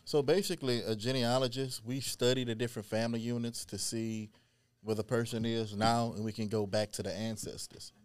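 A man from Louisiana, a historian and genealogist, telling his story in an earnest, animated way in a casual interview. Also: mid-range voice, brisk, clear, resonant tone.

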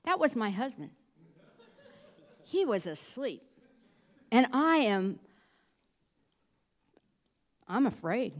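Animated woman telling a church testimony. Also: fairly high pitch. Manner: animated storytelling, reads scripture slowly. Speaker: church speaker sharing a testimony.

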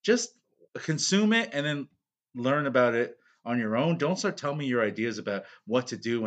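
A man's voice: mid-range voice, moderate pace. A man in his thirties co-hosting a casual podcast, rambling and swearing freely. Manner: rambling, profane, animated. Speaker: podcast co-host. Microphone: podcast microphone.

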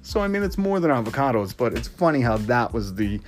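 A man's voice: mid-range voice, big pitch swings, brisk, soft background music. Sarcastic ranting male podcast host. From Boston. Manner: mock-quotes others in put-on voices. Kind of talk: casual opinion rant.

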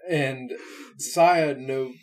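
A man playing a tabletop game who talks his dice rolls through deliberately. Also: medium pitch, steady tone. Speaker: player.

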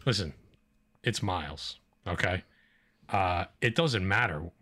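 Laid-back low-voiced man chatting comics. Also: expressive, slow, sharp tone, husky. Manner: laid-back, rambling with fillers. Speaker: podcast co-host. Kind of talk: casual comic book chat.

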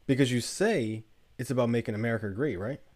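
Speaking briskly in a medium-pitched, somewhat mellow voice, a man hosts a podcast. His story comes as a casual monologue packed with rhetorical questions.

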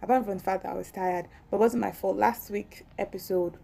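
Nigerian woman, young adult, solo podcast host; chatty, ranty, quick to laugh. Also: medium pitch, steady tone, creaky, mellow. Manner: chatty, ranting, laughs often. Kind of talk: casual solo podcast monologue.

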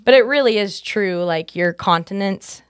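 A woman's voice: mid-range voice, normal speed, clean tone, dry recording, clean studio sound. A woman guest on a podcast, chatting casually and filling her talk with "like". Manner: chatty, many "like" fillers. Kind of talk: casual chat.

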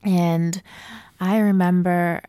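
Soft-spoken woman with a dark, dry voice. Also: lowish voice, level tone, takes it slowly, clear, resonant tone, dry recording. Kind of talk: casual talk to women.

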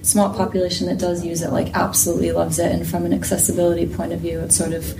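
A woman's voice: on the low side, completely flat delivery, fast, creaky, crowd noise. A woman on a casual podcast panel, chatty and often hedging with "sort of". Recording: distant mic with background noise.

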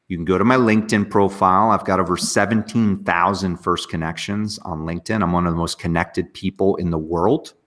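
A man, an entrepreneur guest talking with hyper, fast energy in an interview. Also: low-pitched. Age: 40s. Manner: energetic, hyper, talks fast with bursts of excitement. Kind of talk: interview conversation.

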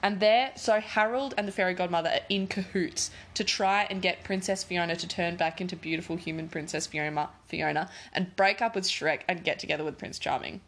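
A woman's voice: on the low side, a little fast, hardly any pauses. A woman in casual chat, retelling a film plot in a rambling, giggly way, full of fillers.

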